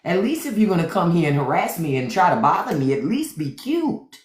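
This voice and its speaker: A woman's voice: lowish voice, big pitch swings, brisk. Sassy blunt woman livestreaming in a roomy echo. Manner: sassy, blunt, brushes off trolls. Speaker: livestream host. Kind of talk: unfiltered live-stream chat. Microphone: phone for a live stream.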